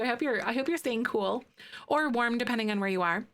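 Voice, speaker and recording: A woman's voice: a little high, expressive, fast, a bit bright, slight background noise. A woman from Wisconsin with a Midwestern accent, chatting casually with her viewers on a live stream and laughing often. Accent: Midwestern American (Wisconsin). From northern Wisconsin, US. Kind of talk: casual live-stream chat while building.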